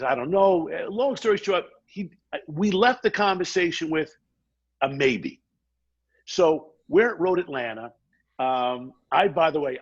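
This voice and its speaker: Brief: middle-aged man, gravelly husky voice, pitched a bit high, animated storyteller, dull lo-fi podcast sound. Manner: fast, energetic anecdote-telling with quoted asides. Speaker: podcast guest.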